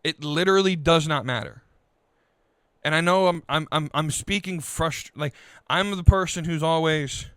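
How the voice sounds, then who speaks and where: A man's voice: on the high side, a bit bright, no echo, clean studio sound. Frustrated man ranting on a podcast. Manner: frustrated, halting, many restarts. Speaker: podcast host. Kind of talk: political rant.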